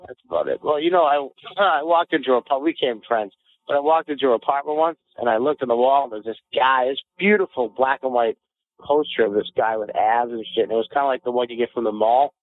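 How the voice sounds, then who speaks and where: A man co-hosting a podcast, telling boastful stories in animated, casual banter and quick to get riled. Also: medium pitch. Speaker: podcast co-host. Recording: phone-like lo-fi audio.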